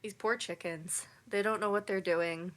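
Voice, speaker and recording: A woman co-hosting a podcast, chatting casually and tossing in quick playful remarks. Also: medium pitch, steady tone, fairly bright tone, rough recording. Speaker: podcast co-host. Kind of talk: casual chat.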